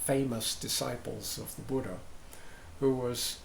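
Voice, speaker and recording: A man's voice: medium pitch, fairly even intonation, a little slow, gravelly. A man giving an informal dharma talk to a group, chatty and digressive, often checking in with "right?". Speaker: dharma teacher. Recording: roomy sound with faint background noise.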